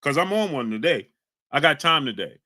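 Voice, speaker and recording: Ny guy on a livestream, bright pushy voice, heated, shouting out chat names. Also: on the high side, big pitch swings, moderate pace. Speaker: livestream host reading chat. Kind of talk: heated live-stream talk.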